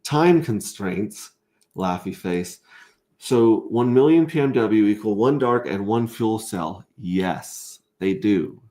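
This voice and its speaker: A man hosting a casual livestream, reading out viewer comments in an excitable, rambling way and often stammering over restarts. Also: on the low side, slow pace. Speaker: livestream host.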